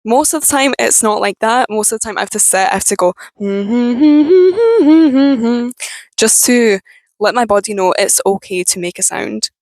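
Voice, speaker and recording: A woman's voice: medium pitch, no room sound, rough recording. Frank young woman, strained voice. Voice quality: strained, tense voice. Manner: frank, swears freely, halting restarts. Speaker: vlogger. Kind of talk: candid personal talk to camera.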